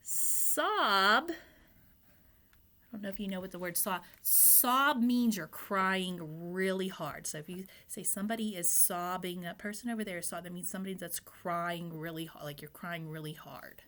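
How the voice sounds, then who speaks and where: A woman's voice: lowish voice, fairly even intonation, normal speed, few pauses, fairly bright tone. A woman teacher giving a phonics lesson to young children. She sounds out letters and words patiently and asks the children questions. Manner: speaks to the children, asking questions and prompting answers.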